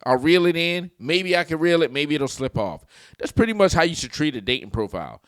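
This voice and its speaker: Man, reaction host, casual swearing storyteller, lively pitch, dry close sound. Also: a little fast, clean tone, dry recording. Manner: animated storytelling, swearing, laughing at clips.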